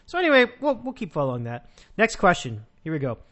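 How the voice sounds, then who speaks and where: A man's voice: fairly high pitch, huge pitch swings, fast, fairly bright tone. A man hosting a casual sports podcast, talking in a rambling way with frequent restarts. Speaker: podcast host.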